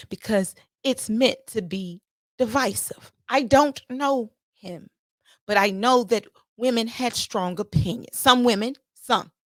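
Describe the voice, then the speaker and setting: A woman hosting a podcast, telling a story in a casual, animated monologue and repeating herself for emphasis. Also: mid-range voice, no room sound, studio quality. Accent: playful put-on Jamaican-style lilt at times. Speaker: podcast host.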